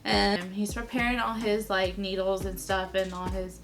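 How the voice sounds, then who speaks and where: A woman's voice: mid-range voice, level tone, normal speed. A young adult woman vlogger telling a personal story to camera in a casual, chatty way, leaning heavily on "like" as a filler.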